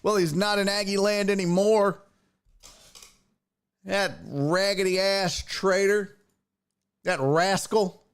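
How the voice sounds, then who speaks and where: A man's voice: high-pitched, fairly even intonation, takes it slowly, long pauses, clean tone. A man hosting a sports show, ranting casually in a profane, mocking way. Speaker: sports podcast host.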